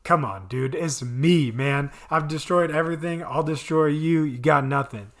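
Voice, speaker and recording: Man doing a taunting cosmic villain, smug and dismissive, pitched a touch lower. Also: normal speed, fairly bright tone.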